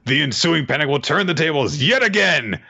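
Man putting on a higher, smug prison warden villain, gloating and cackling, dull lo-fi sound. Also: animated, moderate pace, vocal fry, bright, forceful tone, slightly rough, exaggerated voice. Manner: rambling, smug, then cackling.

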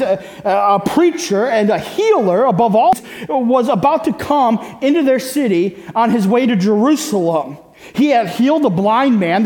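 A man's voice: extremely high pitch, darkish tone, in a large hall. A male pastor preaching a sermon in a conversational way, often tossing rhetorical questions to the congregation.

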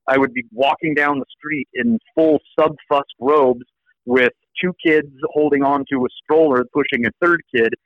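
An American man speaks in an animated, conversational way, often restarting and repeating words as he builds a story. His voice sits at an ordinary middle pitch. The recording is dry and a little dull, as if captured over a modest mic. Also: normal speed, no echo. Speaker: law professor, interview guest. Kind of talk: casual storytelling interview.

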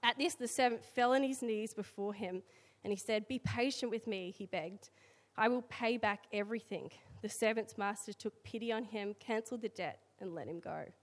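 A woman's voice: mid-range voice, normal speed, few pauses. A woman with an Australian accent giving a conversational sermon, reading scripture with chatty asides. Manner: chatty asides, filler words between readings. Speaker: church speaker. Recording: long hall reverb.

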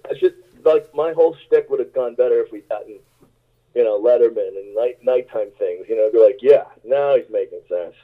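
Musician rambling over a tinny line. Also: male voice, mid-range voice, brisk. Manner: rambling, self-mocking, laughs often. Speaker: musician guest. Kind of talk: casual interview anecdotes. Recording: tinny phone-like radio line.

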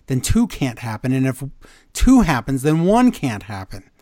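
Animated, exasperated male podcast co-host. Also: moderate pace, dry recording, studio quality. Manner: animated, exasperated, voice climbs high in disbelief. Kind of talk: casual wrestling recap chat.

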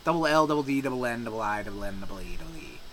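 A man's voice: mid-range voice, animated, very fast, poor audio. A man co-hosting a podcast, chatting casually and profanely about gaming news with loose banter. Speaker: podcast co-host.

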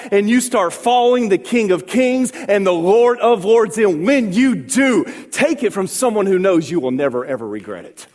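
Male pastor, high lively voice, call-and-response sermon, big reverberant church. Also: normal speed. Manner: call-and-response preaching, building to shouts.

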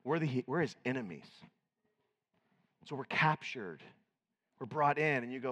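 A man preaching a sermon, dramatic, swinging from loud proclamations to hushed asides. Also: mid-range voice, normal speed, long pauses, in a large hall. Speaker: pastor.

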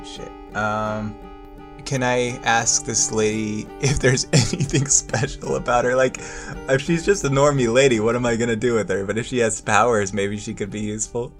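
A man's voice: mid-range voice, steady tone, moderate pace, faint music behind. A man playing a tabletop game, joking and firing off questions. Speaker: player. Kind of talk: casual tabletop play.

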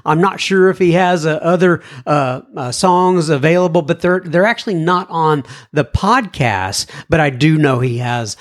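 Earnest man reading listener mail. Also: fairly high pitch. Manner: slow, earnest, stops to comment and thank writers. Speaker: podcast host. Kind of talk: reading listener emails on a podcast.

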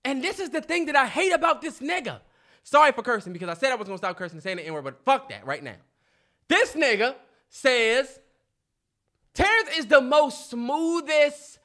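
A man co-hosting a podcast, arguing in heated casual debate, animated and cursing as he tells stories. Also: extremely high pitch, a little fast. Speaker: podcast co-host.

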